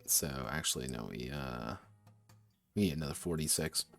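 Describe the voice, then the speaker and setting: A man's voice: rumbling low, normal speed, vocal fry, faint music behind. A man streaming as he designs a tabletop game, thinking aloud in a muttering way, often correcting himself and swearing casually.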